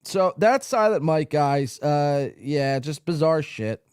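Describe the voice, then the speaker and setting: Lively, mocking male stream host. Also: a little high, slow, clean tone, dry recording, clean studio sound. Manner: loud, mocking, profane, laughs often. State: tired late at night. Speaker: live stream podcast host. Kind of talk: casual live stream commentary.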